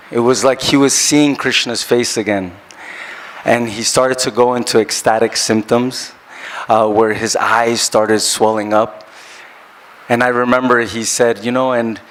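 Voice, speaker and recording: An earnest man recounts a personal memory in a reflective, halting manner, pausing to search for his words. He speaks at an ordinary middle pitch, sounding like a traveling kirtan singer sharing his own story. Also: fairly bright tone. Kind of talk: personal reminiscence.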